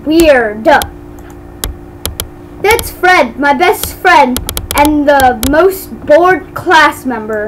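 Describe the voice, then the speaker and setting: A woman's voice: high voice, lively intonation, slow pace, slight background noise, poor audio. A woman giving casual commentary while playing a game, chatty and giggly, tripping over her words. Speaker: gamer.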